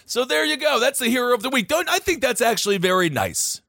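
A man co-hosting a podcast in casual comedic chat, animated and joking as he reads stories aloud. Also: high-pitched, brisk, few pauses, dry recording, clean studio sound. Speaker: podcast co-host.

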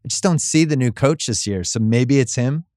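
A man's voice: medium pitch, a little mellow, no echo, studio quality. A man co-hosting a podcast, chatting casually about sports betting and running through schedules. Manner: conversational, lists schedules quickly. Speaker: podcast co-host.

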